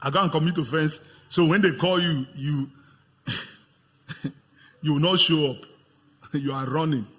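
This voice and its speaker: A Nigerian man preaching a lively sermon to his congregation as pastor, acting out the voices of tempters in his stories. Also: fairly high pitch, measured pace, pauses often. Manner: animated, acts out voices of tempters, laughs with congregation. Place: church hall with congregation. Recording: long hall reverb.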